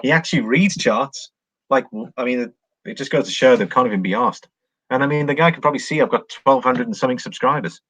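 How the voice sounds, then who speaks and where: A man's voice: medium pitch, fast, a bit bright, husky, no room sound. A man hosting a casual livestream, rambling as he reads viewer comments and talks through price charts. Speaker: livestream host reading charts.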